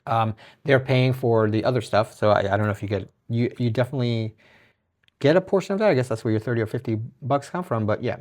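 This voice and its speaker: A man's voice: medium pitch, fast, a little mellow. A man hosting his own podcast, talking in a loose, rambling way with frequent restarts, laughs and casual swearing. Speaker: podcast host. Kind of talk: casual solo podcast monologue.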